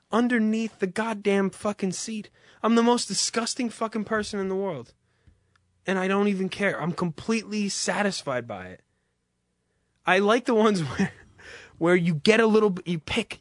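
Man, call-in host, crude and rambling, slightly high voice, dry close mic. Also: fairly bright tone, no room sound. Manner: profane, rambling, self-mocking. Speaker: radio call-in show host. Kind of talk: crude comedic call-in monologue.

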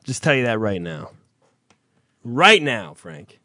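A man's voice: medium pitch, big pitch swings, takes it slowly, sharp tone, dry recording. A man hosting a comedic radio show, teasing and heckling his guest and swearing freely.

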